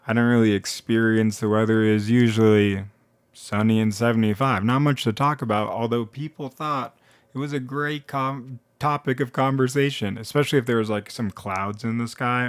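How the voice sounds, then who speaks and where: A man telling a comedic story in a rambling, animated way, often interrupting himself. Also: mid-range voice, no echo. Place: now living in Colorado.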